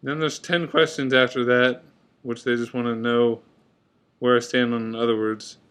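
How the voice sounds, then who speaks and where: A man's voice: medium pitch, little pitch movement, moderate pace, a bit bright, clean tone. A man in a casual video, reading words off a list on his computer and chatting about how he pronounces them. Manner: reads word list, comments offhand. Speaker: vlogger. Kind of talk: casual accent tag video. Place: indoors at a computer. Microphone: webcam at computer.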